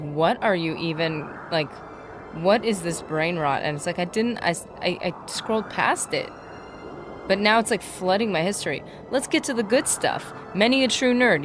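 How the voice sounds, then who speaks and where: A woman livestreaming a game, chatting excitedly and casually with her viewers. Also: medium pitch, a little fast, background noise. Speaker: streamer. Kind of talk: casual livestream gaming chat.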